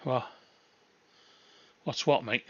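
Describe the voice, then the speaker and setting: A man's voice: very slow, fairly bright tone, highs cut off. A man hosting a live stream, chatting casually, laughing and swearing with his callers. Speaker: livestream host.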